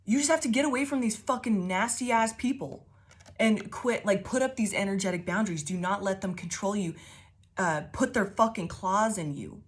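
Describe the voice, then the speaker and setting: A woman gives a loose, casual tarot reading to her viewers, swearing freely and rambling from one thought to the next. Her voice sits at an ordinary middle pitch, broken up by frequent laughter. She calls her listeners babies and piles on affirmations. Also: normal speed. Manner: profane, rambling, laughs often. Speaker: tarot reader.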